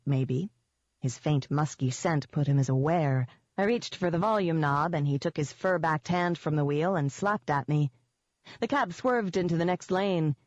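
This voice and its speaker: A woman with a low, deep-set voice narrates a novel in the first person, keeping an even and wry tone. The recording is dry, with no room sound, and the audio is slightly dull and lo-fi. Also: no echo.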